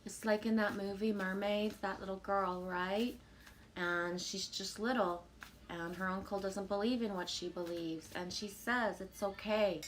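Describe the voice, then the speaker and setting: A woman on a live stream at home, reading viewer comments aloud and answering them in a relaxed, rambling way with frequent fillers and soft laughs. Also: medium pitch, measured pace, slight background noise. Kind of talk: casual live-stream chat.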